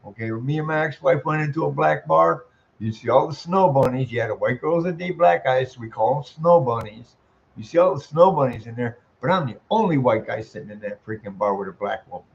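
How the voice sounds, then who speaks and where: A man in his sixties with a voice he calls squeaky, ranting bluntly and swearing a lot as he comments. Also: lively intonation, fairly quick, vocal fry. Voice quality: self-described squeaky voice. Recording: muffled lo-fi audio.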